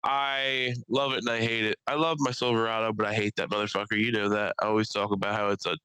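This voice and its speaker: A man's voice: quick pace, clean tone, no echo, rough recording. A young man from the Philadelphia area co-hosting a podcast, chatting casually, swearing freely and often mimicking people. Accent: Philadelphia-area American. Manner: animated, swearing, mimics people in high voices. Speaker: podcast co-host. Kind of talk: casual chat.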